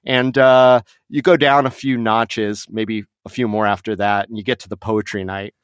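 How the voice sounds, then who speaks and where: A lower-pitched, middle-aged man from Las Vegas spins a long anecdote as a podcast guest, laughing and acting out other people's voices. His voice sits close and dry on the mic, with no room around it. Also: normal speed, clean tone, no room sound. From Las Vegas, USA. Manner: animated anecdote teller, laughs often, acts out voices. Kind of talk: casual storytelling chat.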